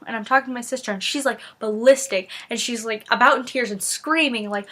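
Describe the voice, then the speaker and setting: A woman's voice: fairly high pitch, fast talker, hardly any pauses, fairly bright tone. A young woman vlogger rambling through a family story in casual talk, full of "like" and restarts, acting out the lines of the people in it. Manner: rambling, lots of "like" and restarts, acts out quotes.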